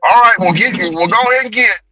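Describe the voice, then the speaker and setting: A man's voice: sits high, quick pace, bright, forceful tone, breathy edge, faint music behind, pitched above the performer's own voice, exaggerated voice. A man voicing his male boss on the phone, blunt and exclaiming. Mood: incredulous.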